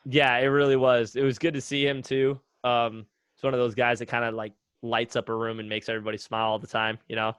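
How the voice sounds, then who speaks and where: A young man chatting on a podcast in an easygoing, rambling way, full of fillers and little re-enacted conversations. His voice sits at an ordinary pitch, and the sound is close and dry, with no room around it. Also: quick pace, few pauses, smooth, no echo. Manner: relaxed storytelling with many fillers, acts out quotes. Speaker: guest, retired runner. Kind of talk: casual podcast chat.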